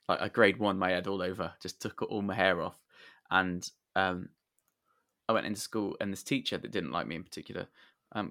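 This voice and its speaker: A young man with a lowish voice chats casually on a podcast, telling long rambling stories with the odd swear word. The recording is dry and close, with no room sound. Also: fairly bright tone, no echo. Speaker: podcast co-host. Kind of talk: casual chat.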